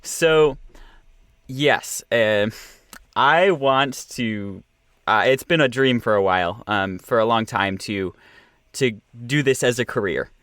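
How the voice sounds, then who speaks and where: A man's voice: medium pitch, fairly bright tone, no echo, clean studio sound. A young man, an audio producer and director, talking in a casual interview with many fillers and restarts. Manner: halting, many fillers and restarts, laughs often.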